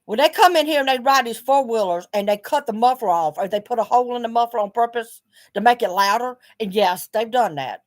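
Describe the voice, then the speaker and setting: A woman's voice: on the high side, fairly quick. A middle-aged woman speaking bluntly in a video journal, swearing often as she vents her frustration. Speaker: vlogger.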